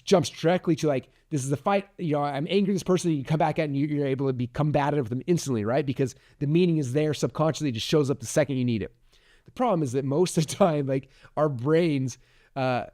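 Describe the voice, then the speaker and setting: A man's voice: medium pitch, mellow, no echo, studio quality. A man in his forties hosting a podcast, giving a rambling motivational talk full of likes and restarts. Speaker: podcast host.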